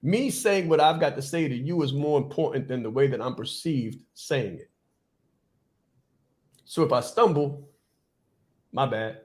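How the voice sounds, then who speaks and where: Fast, fired-up motivational man. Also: medium pitch. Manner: fast, repetitive, emphatic preaching. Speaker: podcast host and business coach. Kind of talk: motivational speech.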